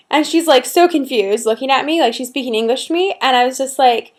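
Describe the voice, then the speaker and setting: A woman's voice: sits high, brisk, few pauses. A woman from Canada chatting casually to her laptop at home, rambling with lots of fillers and frequent laughs. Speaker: vlogger. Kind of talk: casual chat to camera. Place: at home, seated with a pillow at her back. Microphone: laptop built-in mic, laptop on her lap.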